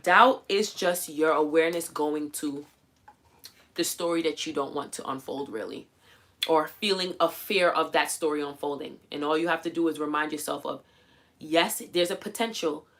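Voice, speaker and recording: A woman hosting a livestream, coaching viewers in a casual, animated way and acting out quoted voices as she goes. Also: deep voice, moderate pace. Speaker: livestream host. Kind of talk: casual motivational livestream talk.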